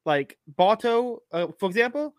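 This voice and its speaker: Young Florida man, twenties, stream host, high-pitched, casual and swears freely. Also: very animated, moderate pace, clear, resonant tone, dry recording, studio quality. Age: 20s. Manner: laid-back, laughs often, swears casually. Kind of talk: casual livestream chat.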